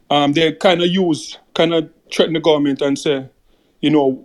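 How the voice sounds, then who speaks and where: A man with a slightly raised pitch chats casually on a podcast. He rambles through a story, circling back with "you know" and "like" as he goes. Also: steady tone, normal speed. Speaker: podcast co-host. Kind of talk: casual chat.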